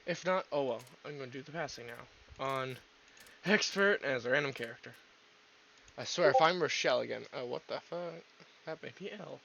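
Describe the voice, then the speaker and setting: A man's voice: mid-range voice, normal speed, vocal fry, sharp tone, slight background noise, low-quality recording. A man hosting a gaming video, rambling in casual commentary, swearing freely and poking fun at himself.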